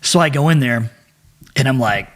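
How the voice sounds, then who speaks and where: A middle-aged man, a podcast guest, telling profane stories in a lively way and acting out the quotes. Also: medium pitch, moderate pace. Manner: animated, profane, acts out quotes. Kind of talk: casual storytelling chat.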